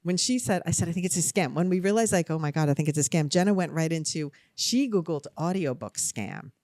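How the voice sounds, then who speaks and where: A young adult woman with a New Jersey accent, co-hosting a podcast in casual chat, telling a story in an animated, self-deprecating way. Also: on the low side, fairly quick, dry recording, clean studio sound. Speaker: podcast co-host.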